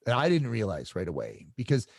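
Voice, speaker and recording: A middle-aged man telling stories in a casual interview, halting and often repeating his words as he restarts sentences. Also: mid-range voice, huge pitch swings, gravelly, no room sound, studio quality. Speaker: guest.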